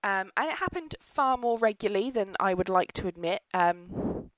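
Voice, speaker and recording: A woman's voice: medium pitch, lively intonation, moderate pace, no echo, rough recording. Ranting woman podcaster, dry close mic. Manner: ranting, laughs often, swears. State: pregnant, pulling away from mic. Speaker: podcast host, pub landlady. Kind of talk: casual solo podcast monologue. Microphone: podcast microphone, dry close sound.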